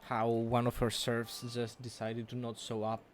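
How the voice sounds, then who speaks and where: A man's voice: mid-range voice, monotone, unhurried. A man running a tabletop game, narrating in a matter-of-fact way over faint background noise. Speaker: game master.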